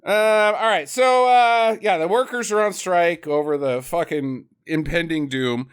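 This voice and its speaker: A man's voice: sits high, unhurried, clear, resonant tone. A man co-hosting a podcast, giving a rambling, profane, casual recap of a bad movie. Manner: rambling and profane, laughs often. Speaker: podcast co-host.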